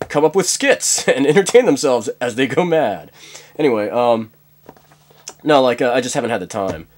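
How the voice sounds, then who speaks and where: A man rambling through a comic monologue, full of fillers and chuckling at his own jokes. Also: mid-range voice.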